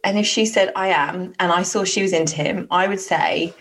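A woman's voice: lowish voice, brisk, hardly any pauses, fairly bright tone, poor audio. A woman co-hosting a podcast, chatting casually in a forthright, playful way. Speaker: podcast co-host. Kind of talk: casual chat.

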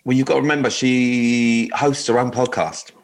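A man hosting a dating radio show, talking in a relaxed, hesitant way with many ums. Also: medium pitch, moderate pace. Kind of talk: casual chat.

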